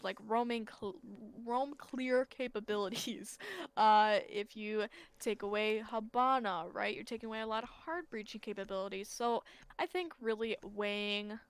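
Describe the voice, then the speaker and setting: A woman's voice: medium pitch, moderate pace, clear, resonant tone, dry recording. A tired woman casting an esports match live, chatty and breaking into small laughs as she talks through the picks. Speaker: esports caster.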